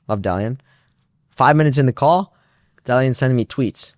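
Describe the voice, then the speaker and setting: A man's voice: mid-range voice, moderate pace, no room sound, studio quality. A young man, a startup founder, casually telling a story in an interview, acting out both sides of phone calls with lots of restarts and fillers.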